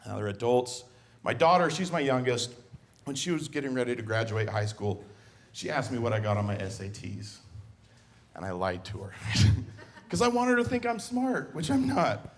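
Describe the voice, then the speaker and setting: At normal speed and in a mid-range voice, a middle-aged man performs club stand-up. He acts out scenes while telling family stories with animated energy.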